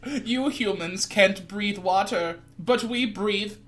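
A man's voice: high voice, takes it slowly, fairly bright tone. A young man voicing a silly alien greeting the people of Earth in a stiff, formal way. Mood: mock-formal. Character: goofy male alien podcaster.

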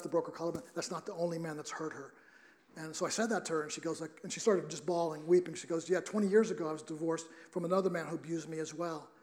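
A middle-aged man preaching a sermon, telling a personal story earnestly with many restarts. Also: a little high.

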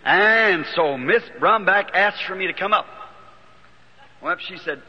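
A man with a Southern Indiana accent, preaching a sermon in a folksy, storytelling way that climbs into fervor. His voice sits high for a man. The old, dull-sounding recording carries a long hall reverb. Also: expressive, normal speed, slightly rough.

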